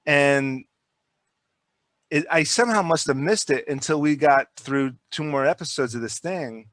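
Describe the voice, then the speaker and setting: A man, a filmmaker guest, telling stories in a casual podcast chat, rambling and animated, with frequent restarts and repeated words. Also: on the high side, a little slow, no echo, clean studio sound.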